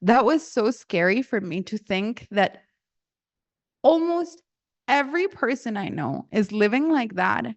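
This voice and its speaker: A woman's voice: a little high, sing-song, measured pace, highs cut off. A young adult woman telling a personal story in casual talk, acting out quotes and laughing often. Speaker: storyteller sharing personal experience.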